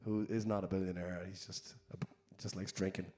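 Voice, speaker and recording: Rambling Irish singer telling a story on stage. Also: male voice, low-pitched, level tone, fairly quick, darkish tone. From Ireland. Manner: rambling, chatty, self-deprecating. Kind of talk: live stage storytelling between songs. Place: live concert venue.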